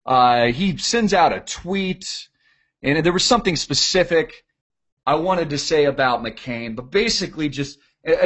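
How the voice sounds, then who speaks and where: A man's voice: medium pitch, fairly bright tone. A man giving a sarcastic, ranting political commentary. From United States. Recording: dull lo-fi audio.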